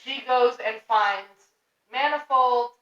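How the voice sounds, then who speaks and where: A young woman co-hosting a podcast, recapping a comic in animated, casual talk, laughing and swearing freely. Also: on the high side, slow pace. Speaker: podcast co-host. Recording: roomy, distant, dull lo-fi sound.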